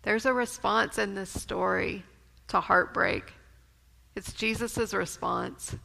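A woman preaching a sermon in a church, speaking in a measured way and quoting scripture. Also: mid-range voice, vocal fry, pushed and bright. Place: church sanctuary. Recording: long reverb of a church sanctuary.

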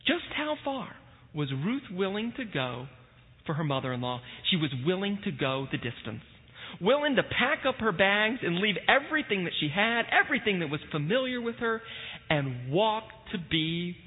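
Animated male pastor in an echoing church. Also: high voice, moderate pace, husky. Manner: storytelling, animated, with frequent filler "uh". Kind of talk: sermon with scripture reading. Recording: tinny phone-like sound in a reverberant hall.

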